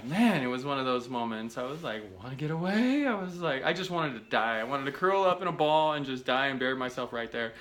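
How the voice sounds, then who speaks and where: Bright-voiced man telling a story. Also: mid-range voice. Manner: animated, self-deprecating, rambling with restarts. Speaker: vlogger. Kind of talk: casual storytelling to camera.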